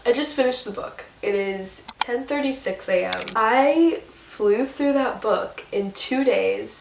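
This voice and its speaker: A woman's voice: medium pitch, far from the mic. A young woman vlogging about books, chatty, gushing and emotional. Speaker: book vlogger. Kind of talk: casual chat. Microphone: camera mic. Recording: roomy echo, from off the mic, faint hiss.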